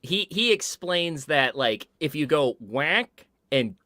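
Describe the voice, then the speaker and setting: A male voice actor chatting casually on a livestream, playful and quick to laugh. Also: a little high, sing-song, bright, forceful tone, dry recording, clean studio sound. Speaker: voice actor guest.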